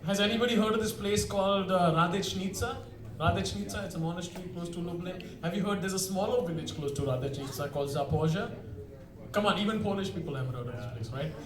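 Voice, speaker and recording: A man's voice: high voice, fast. Male stand-up comic from India, self-mocking storyteller, caught from a distance in a roomy venue. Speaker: stand-up comedian. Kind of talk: stand-up set. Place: comedy show venue. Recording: echoey room, far mic, crowd audible.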